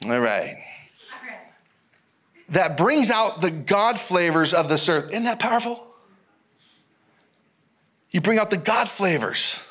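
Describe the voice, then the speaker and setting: A male pastor preaching a sermon in an animated, folksy way, repeating phrases and calling out to the congregation. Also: high voice. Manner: animated, repetitive, folksy preaching with audience call-outs.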